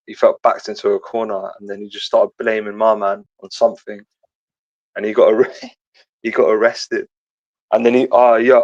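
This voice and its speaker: A man's voice: lowish voice, a little mellow, no echo. A man, chatting casually and swearing as he tells a story. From Isle of Wight. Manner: laid-back, swearing, laughing storyteller. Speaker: podcast co-host. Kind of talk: casual banter. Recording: dull lo-fi sound.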